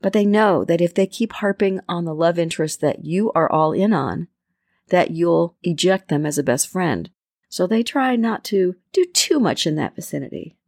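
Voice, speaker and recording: A woman's voice: on the low side, a little mellow, no room sound, clean studio sound. A middle-aged woman giving casual advice on friendship, chatty, often acting out little quoted exchanges. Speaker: self-help speaker. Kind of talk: casual advice talk to camera.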